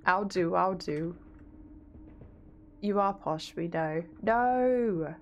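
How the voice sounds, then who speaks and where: A woman's voice: fairly low pitch, very slow. Yorkshire woman gaming streamer, chatty and casual, faint game music under her talk. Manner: chatty, reads chat aloud, swears casually.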